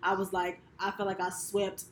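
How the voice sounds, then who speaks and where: A woman's voice: medium pitch, completely flat delivery, normal speed. Reflective woman in an echoey room. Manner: reflective, hesitant, many fillers. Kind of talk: casual chat. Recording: echoey room with faint noise.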